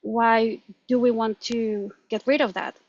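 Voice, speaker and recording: Woman, Colombian accent, Spanish native speaker, animated interview chat, slightly high pitch, dull lo-fi sound. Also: a little slow. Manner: animated, laughs often, restarts words. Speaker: guest. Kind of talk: conversational interview.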